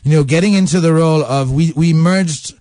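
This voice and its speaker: Chatty man with a high voice. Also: a little fast, dark tone, no echo. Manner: chatty and self-mocking, laughs often. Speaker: stage actor and singer, guest. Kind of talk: casual interview chat. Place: radio studio.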